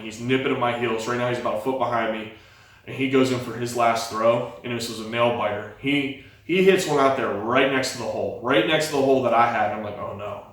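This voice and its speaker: Young man telling his story in an echoey room. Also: medium pitch. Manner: lively retelling, acts out quoted dialogue. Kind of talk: candid personal storytelling. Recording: very echoey room, mic far off.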